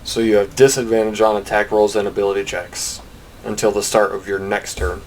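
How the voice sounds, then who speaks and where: A man running a tabletop game as game master, relaxed and laughing easily as he describes the action. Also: lowish voice, fairly quick, a little hiss or hum, poor audio.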